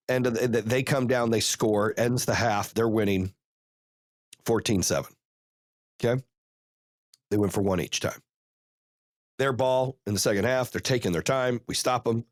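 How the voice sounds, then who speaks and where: A man's voice: mid-range voice, no echo, clean studio sound. A man telling a profane play-by-play story. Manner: profane, animated, rapid play-by-play. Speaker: podcast host. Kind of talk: casual storytelling.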